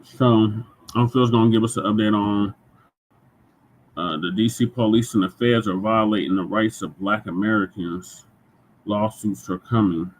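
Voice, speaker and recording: A man's voice: fairly low pitch, fairly even intonation, normal speed, poor audio. A man hosting a talk show, commenting casually with loose filler words. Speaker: show host.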